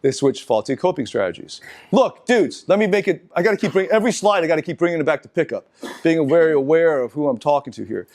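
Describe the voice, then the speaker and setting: A middle-aged seminar speaker with a fairly high voice lectures live to an audience. His delivery is animated but halting, full of restarts and asides to the crowd.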